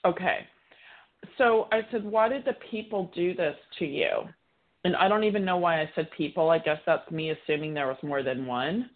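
A woman's voice: on the low side, moderate pace, narrow, tinny audio. A woman psychic medium giving a live reading on a call-in show, chatty, relaying messages as quotes.

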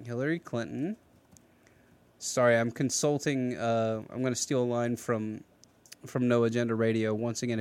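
A man hosting a casual political podcast, talking in an animated, rambling way with many restarts. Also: medium pitch, gravelly. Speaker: podcast host.

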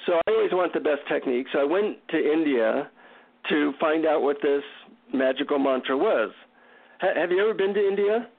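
Gravelly-voiced man telling a story by phone. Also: on the high side, normal speed. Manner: animated, humorous anecdote telling. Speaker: guest author. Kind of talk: storytelling in a radio interview. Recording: tinny phone line.

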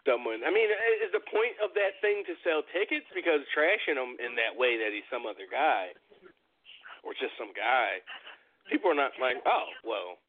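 A man's voice: on the high side, moderate pace. A man co-hosting a podcast in casual chat, talking loosely with lots of fillers. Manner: chatty, hedging with fillers. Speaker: podcast co-host. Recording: phone-like line.

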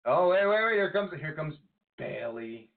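A man co-hosting a podcast, chatting casually about wrestling in an animated, exasperated way. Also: a little high, normal speed, creaky. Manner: animated, exasperated ranting, breaks into laughter. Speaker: podcast co-host. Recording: tinny phone-like audio.

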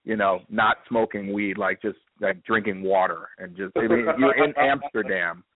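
A man's voice: lowish voice, normal speed, crowd noise. A man calling in to a podcast, a comedian trading loose, profane wisecracks. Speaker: caller, comedian. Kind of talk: casual chat. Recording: tinny phone line.

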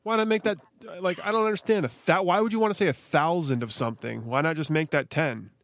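Casting: male podcast host, slightly high voice, excitable, swears freely, dry close sound. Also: fast, no echo. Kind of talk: casual podcast chat.

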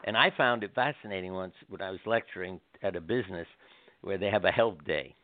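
An older man, a doctor and interview guest, telling gentle anecdotes and acting out the people he quotes. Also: sits low, fairly quick. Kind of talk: storytelling interview. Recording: dry phone line.

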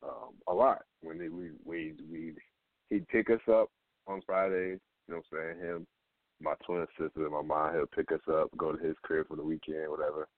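Deep-voiced man on a phone line. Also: steady tone, moderate pace, dry recording. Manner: loose, profane, rambling with restarts. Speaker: internet radio host. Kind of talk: casual radio talk.

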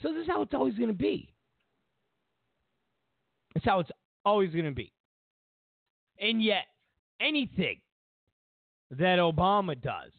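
A man's voice: sits high, big pitch swings, unhurried, gravelly, pauses often, no echo. A man hosting a talk radio show, ranting and mocking as he delivers a monologue. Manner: mocking, ranting, acts out both sides of conversations. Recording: tinny, phone-like radio sound.

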